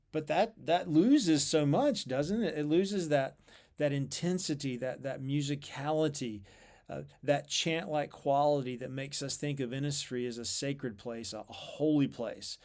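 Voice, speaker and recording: A man explaining poetry in a measured, thoughtful way, with fillers and repeated words. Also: mid-range voice, gravelly, a little mellow. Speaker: literature lecturer.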